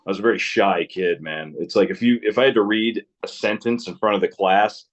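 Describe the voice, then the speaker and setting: Brief: man, 30s, very low voice, loose rambling storyteller who cusses, slightly muffled lo-fi sound. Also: a little fast. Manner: rambling storyteller, swears freely, laughs often. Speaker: interview guest, musician. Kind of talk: casual interview chat.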